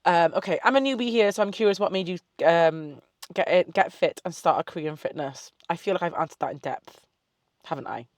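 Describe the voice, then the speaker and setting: A woman's voice: lowish voice, brisk, darkish tone, dry recording, clean studio sound. A young woman in a casual Q&A chat to camera, a fitness coach who swears freely, drifts off on tangents and gives upbeat self-love pep talk. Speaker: fitness model and online coach.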